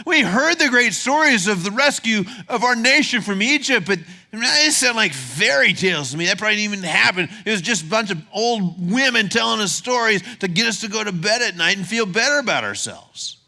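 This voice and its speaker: A man's voice: high-pitched, very animated, a little fast, few pauses, pushed and bright, pitched above the performer's own voice, heavily acted. A male preacher voicing a timid, self-pitying young Gideon who complains he is a nobody, as sermon storytelling. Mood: doubtful. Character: timid young man, Gideon, whining about being a nobody.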